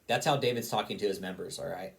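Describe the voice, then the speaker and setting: A man with a fairly low voice rants in a casual, heated way, full of swearing. He keeps hammering the same points over and over, as if talking straight to his audience. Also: fast, creaky. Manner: heated, profane, repetitive. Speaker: online commentator. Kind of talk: casual profane rant.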